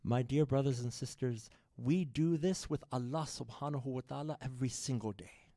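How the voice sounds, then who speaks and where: A man giving a sermon, telling a story to the congregation with lively shifts in loudness and addressing them as brothers and sisters. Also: medium pitch, moderate pace, no echo, studio quality. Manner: animated, shifts loudness widely, addresses the audience directly. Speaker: speaker at a religious program. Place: mosque or community hall.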